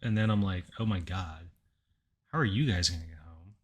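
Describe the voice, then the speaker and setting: A young adult man rambles through a story in casual podcast chat, wry and self-mocking. His voice sits very low. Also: moderate pace, slightly rough. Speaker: podcast co-host.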